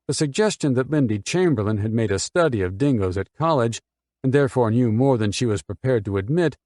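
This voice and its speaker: A man's voice: medium pitch, a little mellow, no room sound. Man narrating an audiobook, dry sound. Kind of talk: scripted narration.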